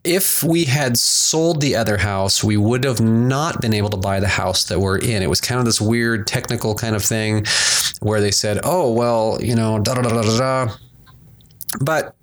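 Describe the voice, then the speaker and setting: A man hosting a podcast, telling a personal story from home in an animated, emphatic way and acting out his own past reactions. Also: on the low side, normal speed. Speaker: podcast host.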